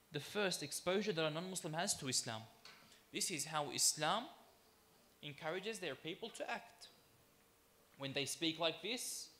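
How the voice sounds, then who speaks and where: Bright, high-voiced man preaching. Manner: emphatic, with deliberate repetition; addresses the audience as brothers and sisters. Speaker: sheikh giving a religious talk. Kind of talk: sermon.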